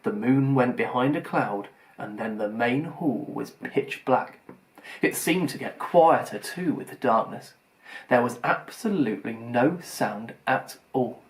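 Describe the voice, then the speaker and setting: Male audiobook reader, children's story, expressive read-aloud. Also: medium pitch.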